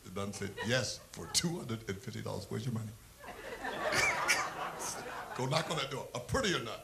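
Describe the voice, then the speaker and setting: A man's voice: lowish voice, lively intonation, normal speed, gravelly, background noise. A man doing a stand-up comedy set, telling blunt, profane, provocative stories.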